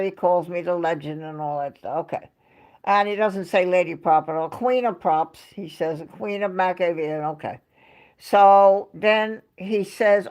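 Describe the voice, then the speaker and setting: A woman's voice: fairly low pitch, moderate pace, darkish tone. Woman livestream host at home, rambling chatty storyteller, answers her viewers. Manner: rambling, chatty storytelling, reading out chat names. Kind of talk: casual livestream chat.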